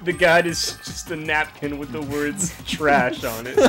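A man co-hosting a gaming show, giving animated, sarcastic commentary in casual banter. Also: a little high, slow, soft background music. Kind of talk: casual let's-play banter.

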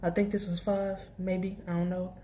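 A woman's voice: on the low side, level tone, moderate pace, mellow, a little hiss or hum. A young woman vlogger telling a casual storytime about her job, rambling with many restarts and asides. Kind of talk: storytime vlog.

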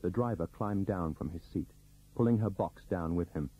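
Husky man narrating an old novel. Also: low-pitched, moderate pace. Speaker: audiobook narrator. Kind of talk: scripted narration. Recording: dull lo-fi recording.

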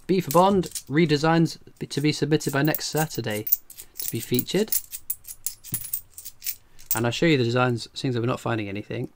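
A man with an English accent chats loosely on a livestream, joking and laughing as he answers viewers. His voice sits at a middling pitch. A faint hiss runs under the recording. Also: moderate pace. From England. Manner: chatty and jokey, laughs often. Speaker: coin collecting livestream host. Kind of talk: casual livestream chat, reading viewer comments.

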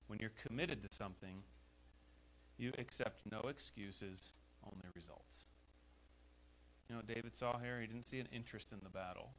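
A man with an American accent preaching a sermon as pastor in a church, emphatic and rising to loud exhortations. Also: fairly low pitch, moderate pace, pauses often, low-quality recording. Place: church sanctuary. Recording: faint hum behind the voice.

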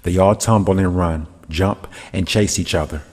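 Male narrator, low husky read, long room echo. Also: moderate pace, a little mellow. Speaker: storyteller. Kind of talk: storybook narration.

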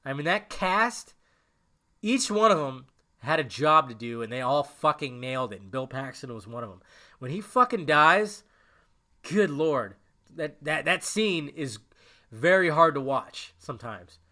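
A man's voice: a little high, sing-song, a little slow, pushed and bright. A young man hosting a casual solo podcast, rambling and emotional, cursing often as he talks. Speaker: podcast host.

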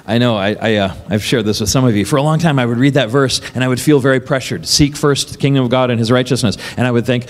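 A pastor delivers a sermon conversationally, tossing questions to the congregation and laughing often between points. He talks fast with hardly any pauses, his middle-pitched voice ringing with long reverb in the church hall.

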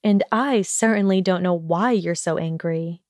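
A woman voicing an earnest, anxious young witch who speaks softly and hesitantly in an audiobook reading. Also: fairly low pitch, unhurried, no room sound, clean studio sound, close to an everyday voice. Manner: soft, hesitant, careful.

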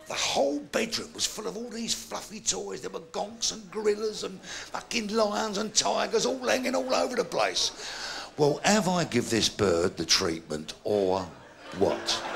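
Older Cockney stand-up, high gravelly voice that swoops all over, bawdy storyteller. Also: male voice. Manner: animated, bawdy yarn-spinning with shouted sound effects. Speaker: stand-up comedian. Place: live comedy venue.

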